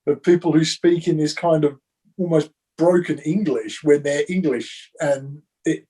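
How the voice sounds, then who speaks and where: Husky, higher-voiced man on a panel. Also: measured pace, dark tone. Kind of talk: casual panel chat. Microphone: video call.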